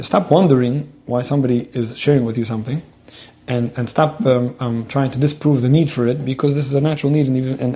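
A man talks through relationship advice at a fast clip. His voice sits dark and mellow. He often repeats the first word of a sentence and fills gaps with "um". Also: mid-range voice. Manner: rapid, repeats words when starting sentences, lots of "um". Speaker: advice speaker answering a listener's question. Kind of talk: advice talk.

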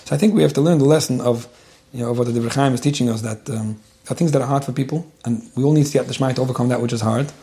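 A man, seemingly a rabbi, giving an earnest spoken lesson on marriage, gently repeating words as he thinks aloud. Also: mid-range voice, very fast.

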